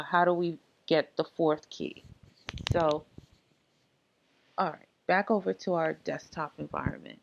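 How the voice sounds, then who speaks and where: A woman with a somewhat low voice walks through software setup on a casual screen recording. She explains in a relaxed, halting way, with plenty of fillers. The audio is dull and lo-fi. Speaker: tech tutorial presenter.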